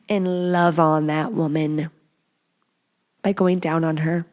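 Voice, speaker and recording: A woman's voice: low voice, fairly even intonation, takes it slowly, darkish tone. A young woman hosting a podcast, giving casual advice in a chatty, playful way with many fillers. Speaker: podcast host.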